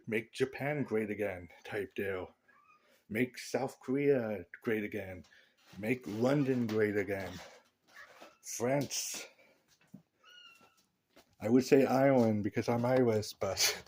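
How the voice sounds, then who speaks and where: A man's voice: mid-range voice, darkish tone. A man vlogging a casual, rambling opinion rant, joking and laughing at his own lines.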